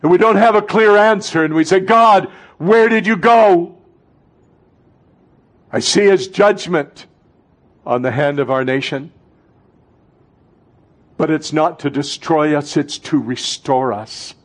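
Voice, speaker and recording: A man in his sixties preaching a sermon to a congregation in a church, impassioned, swinging between fervent outbursts and hushed, intimate moments. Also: fairly high pitch, unhurried, pauses often. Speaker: pastor.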